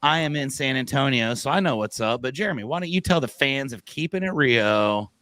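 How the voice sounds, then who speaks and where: A man's voice: mid-range voice, animated, fairly quick, sharp tone, no echo. A man hosting a casual company podcast over a video call, upbeat and joking as he hypes up his coworkers. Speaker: podcast host.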